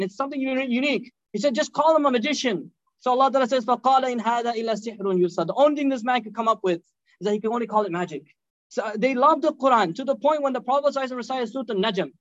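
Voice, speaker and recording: A man giving an animated sermon, telling stories, acting out quotes and reciting Arabic verses. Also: extremely high pitch, highs cut off. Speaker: preacher. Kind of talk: sermon storytelling.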